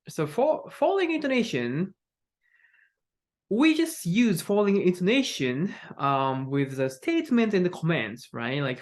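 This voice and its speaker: A young adult teacher, Japanese by first language, walks through an English lesson at an unhurried pace. The delivery leans on "like" and "right?", stopping to act out example sentences. The pitch sits in a middle range. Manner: frequent "like" and "right?" fillers, demonstrates example phrases. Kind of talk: online lesson on intonation.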